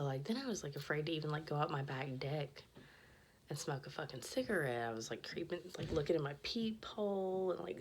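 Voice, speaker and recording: A woman with a low, deep voice tells a rambling story in a loose, chatty way. She swears freely and often drops into a hushed whisper mid-story. A faint hiss sits behind her. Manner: profane, rambling, drops to a whisper when retelling. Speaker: podcast host. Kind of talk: casual storytelling.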